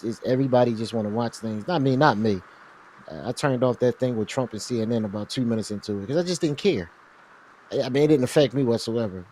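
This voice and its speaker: A man's voice: medium pitch, dark tone. A man chatting as a guest on an online talk show, laid-back and slangy in how he talks. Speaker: guest co-host. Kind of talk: casual online show chat.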